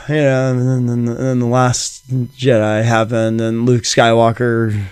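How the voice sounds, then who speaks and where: A man's voice: mid-range voice, monotone, measured pace, darkish tone, clean tone, no room sound. A middle-aged man hosting a casual solo podcast, rambling enthusiastically with many fillers. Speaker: podcast host.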